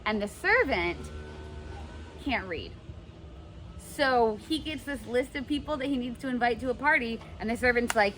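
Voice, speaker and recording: A woman's voice: a little high, lively intonation, moderate pace, a bit bright, slight background noise. A young woman teaching a class, explaining a play casually and paraphrasing its lines in modern slang, recorded in a classroom.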